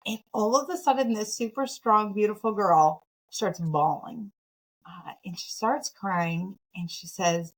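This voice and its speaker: A woman from Michigan, a podcast guest, telling her story in a casual, animated, self-deprecating way with frequent laughter. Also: medium pitch, unhurried, low-quality recording. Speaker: podcast guest, nonprofit founder.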